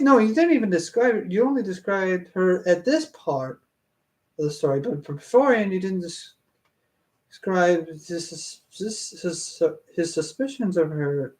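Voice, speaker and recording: A man with a fairly high voice reads a fan story aloud and comments on it in a casual way. He talks slowly, stops and restarts his sentences, and laughs often. He sounds exasperated. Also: darkish tone. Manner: exasperated, halting, self-interrupting. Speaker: reader reviewing a fan story.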